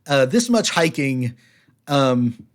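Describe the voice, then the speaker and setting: A man narrating as game master of a tabletop game, slow and hesitant with many fillers. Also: medium pitch, sing-song.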